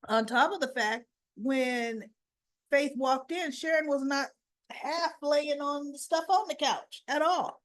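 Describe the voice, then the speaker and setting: A woman casually recapping a soap opera episode, retelling scenes with quoted lines, her voice a little rough. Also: high voice. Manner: slow, chatty retelling with quoted dialogue. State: slightly rough voice after choking.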